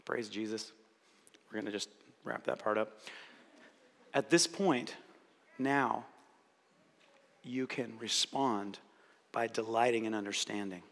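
A man giving a sermon-style teaching, animated, acting out quoted inner voices. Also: medium pitch. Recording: reverberant hall.

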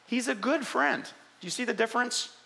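A man pastor preaching a sermon in an animated, conversational way, often asking the congregation questions. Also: extremely high pitch, normal speed, gravelly.

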